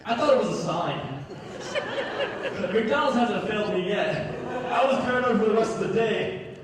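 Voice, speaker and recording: A man's voice: high-pitched, expressive, moderate pace, crowd noise. A young man doing a stand-up comedy set, telling stories and acting out the voices of people in them, laughing at his own jokes. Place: large hall, recorded from far off. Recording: echoey hall, distant mic, faint noise.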